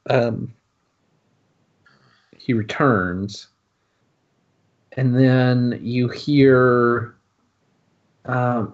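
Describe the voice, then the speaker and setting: A man narrating as game master for a tabletop game, pausing often with filler sounds. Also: mid-range voice, darkish tone. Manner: halting, many filler sounds. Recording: dull lo-fi recording.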